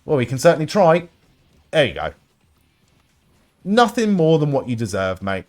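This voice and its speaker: Excitable sweary young male streamer. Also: a little high, moderate pace, soft background music. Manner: excitable, swears often, sarcastic asides. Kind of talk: live-streamed gameplay commentary.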